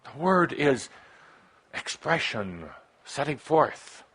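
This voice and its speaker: A man giving a channeled spiritual talk to a live audience, speaking in short broken phrases that swing from soft musing to emphatic, passionate urging. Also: on the high side, sing-song, slow, breathy edge.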